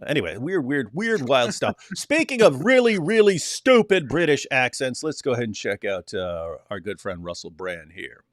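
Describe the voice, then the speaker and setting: A man co-hosting a livestream, chatting casually with animated, mocking asides. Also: mid-range voice, moderate pace, hardly any pauses, no echo, studio quality. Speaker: livestream co-host.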